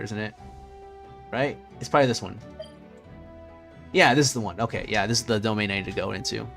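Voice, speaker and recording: A man's voice: on the low side, fairly even intonation, quick pace, vocal fry, long pauses, over music. A man streaming a video game, chatting casually with his viewers and muttering to himself as he searches through menus. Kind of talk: casual gameplay chat.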